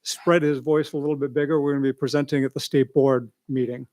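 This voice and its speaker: A man's voice: medium pitch, level tone, fast talker, a little mellow. Guy giving a rambly update at a school board meeting, lots of asides, medium voice. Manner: rambling, conversational, many asides.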